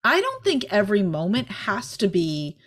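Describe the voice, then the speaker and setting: Candid, animated woman in her forties; casual parenting talk, lots of "right?". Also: mid-range voice. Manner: lively, candid, rapid bursts with frequent "right?". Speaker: podcast co-host, parenting guest. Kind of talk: casual conversational advice.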